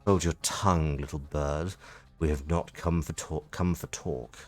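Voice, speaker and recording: A man doing a slow, scornful harpy. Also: extremely low pitch, fairly even intonation, darkish tone, faint music behind, pitched below the performer's own voice. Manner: slow, cold, contemptuous. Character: haughty female harpy, scornful and menacing.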